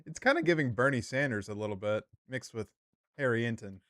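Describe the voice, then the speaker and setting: A man making dry, deadpan remarks in casual banter with the host. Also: mid-range voice, fairly quick, dry recording.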